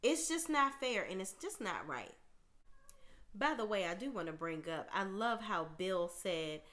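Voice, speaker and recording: A woman giving an opinionated reality TV recap, ranting in a sassy, outspoken, animated way. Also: mid-range voice, unhurried. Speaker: TV recap commentator.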